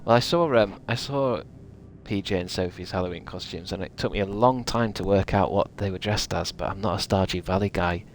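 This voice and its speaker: A young man talking his audience through a game he is playing. His lowish voice rambles, swears and mocks himself in an easy, off-the-cuff way. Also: a little fast, a little hiss or hum. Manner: rambling, sweary, self-mocking, laughs often. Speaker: streamer. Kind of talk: casual live-stream commentary while gaming.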